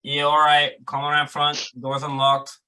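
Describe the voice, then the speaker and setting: A man's voice: a little high, monotone, moderate pace, bright, forceful tone, clear, resonant tone. Laid-back man playing a tabletop game. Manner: laid-back and laughing easily. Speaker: player. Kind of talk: casual tabletop game banter.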